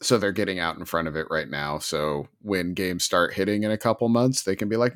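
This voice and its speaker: A man co-hosting a casual gaming podcast, animated and sarcastic, slipping into mocking voices. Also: deep voice, a little fast, few pauses. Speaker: podcast co-host. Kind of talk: casual gaming news chat.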